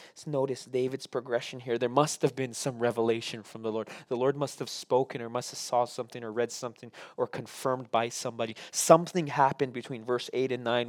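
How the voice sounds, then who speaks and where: A middle-aged man preaching a sermon, his voice set at an ordinary male pitch. He drops to a hush for quoted prayers and confessions, then rises and slows right down to press his points home. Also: expressive, no echo. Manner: preacherly, swings from hushed to raised and slowed for emphasis; acts out quoted voices in low hushed tones. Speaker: pastor.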